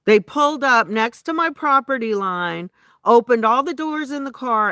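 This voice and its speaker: A woman's voice: fairly high pitch, pushed and bright, clean tone, no room sound, studio quality. A woman ranting indignantly to her viewers in a rambling, casual way, often restarting her sentences. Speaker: vlogger. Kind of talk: casual venting rant to viewers.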